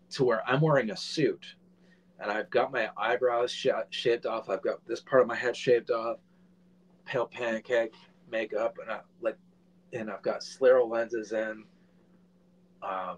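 Man, 40s, husky voice, animated storyteller, casual swearing, guest on a live stream. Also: mid-range voice, unhurried, low-quality recording. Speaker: filmmaker guest. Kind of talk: casual anecdote.

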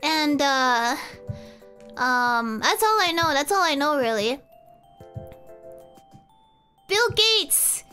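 A young woman chats on a live stream in a very high, bright, sharp voice, giggling often and rambling through guesses she keeps doubting. Faint music plays behind her. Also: sing-song, extremely slow, pauses often. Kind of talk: casual live-stream chat.

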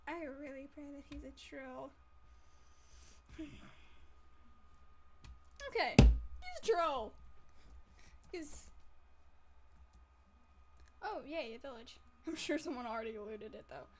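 A woman's voice: high voice, unhurried, pauses often, a little hiss or hum. A woman giving casual let's-play commentary over a game, giggly, playful and melodramatic. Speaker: gameplay commentator.

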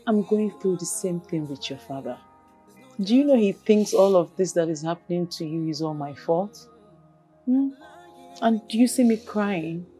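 An actress playing a gentle mother who softly consoles her crying daughter. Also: on the low side, expressive, moderate pace, soft background music, lightly acted. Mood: soothing. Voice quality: soft, soothing, coaxing.

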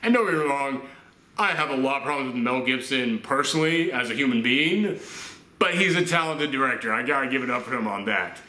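A man's voice: medium pitch, lively intonation, fairly quick, sharp tone. A man from the Southern United States giving a casual film review, chatty, with laughing asides and acted-out quotes. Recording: roomy echo.

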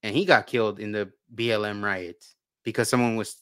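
A man's voice: lowish voice, steady tone, brisk, pushed and bright, clean tone, no echo. A man co-hosting a podcast, talking casually and rambling with many restarts and repeated words. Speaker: podcast co-host. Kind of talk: casual conversation.

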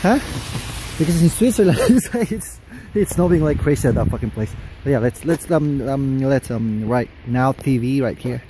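A man from the Philippines vlogging outdoors at night in the snow, shivering from the cold, excitable and swearing a lot as he rambles. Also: mid-range voice, normal speed, rough recording. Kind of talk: casual vlog. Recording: loud outdoor street noise. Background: loud traffic and street noise.

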